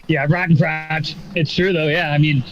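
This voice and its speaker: Casual male co-host, a bit higher-pitched, loose and filler-heavy; lo-fi mic with a faint hiss. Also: steady tone, normal speed. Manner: rambling, many fillers and profanity. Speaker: podcast co-host. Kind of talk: casual chat.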